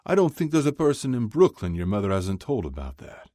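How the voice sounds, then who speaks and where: A man's voice: on the low side, huge pitch swings, brisk, warm tone, dry recording, clean studio sound, pitched above the performer's own voice. A man voicing a fond, nosy middle-aged father who teases in a sing-song way. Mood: fond teasing.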